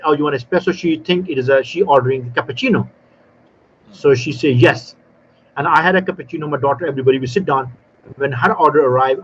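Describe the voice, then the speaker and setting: A man with a high voice explains things with animated storytelling, his grammar loose and non-native. He acts out small exchanges as he goes. The audio is dull and lo-fi. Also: a little hiss or hum. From South Africa. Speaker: barista trainer guest. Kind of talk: live panel talk.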